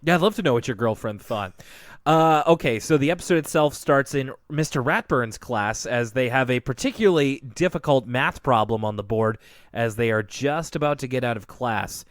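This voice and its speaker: A man co-hosts a podcast in a relaxed, rambling way, correcting himself mid-sentence and breaking into laughter. His voice sits at an ordinary pitch, recorded dry and close with no room sound. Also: normal speed, dry recording. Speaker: podcast co-host. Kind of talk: casual chat recapping a cartoon episode.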